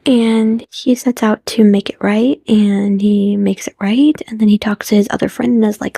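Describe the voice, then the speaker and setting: A woman's voice: medium pitch, fairly even intonation, moderate pace, creaky, few pauses, dark tone, dry recording. A young woman vlogger recapping a favorite movie in a gushing, casual way, often dropping to a whisper and acting out the characters' lines. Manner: gushing, often drops into whispers, acts out quotes.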